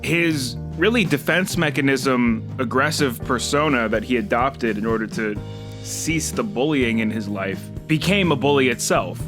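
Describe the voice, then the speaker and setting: A man hosting a casual chat reviewing a show, talking in an animated way, swearing freely and jumping up in pitch when moved. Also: moderate pace, music in the background. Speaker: host.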